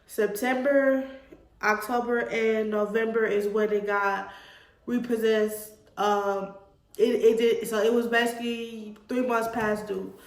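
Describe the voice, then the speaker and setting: Twenty-something woman, higher voice, earnest and emotional, talking to her viewers, echoey room. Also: steady tone, unhurried. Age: 20s. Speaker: vlogger. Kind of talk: personal storytelling to camera.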